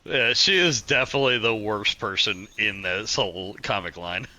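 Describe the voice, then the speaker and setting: A man co-hosting a casual comic book podcast, blunt and profane, quick to laugh. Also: fairly low pitch, pushed and bright. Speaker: podcast co-host.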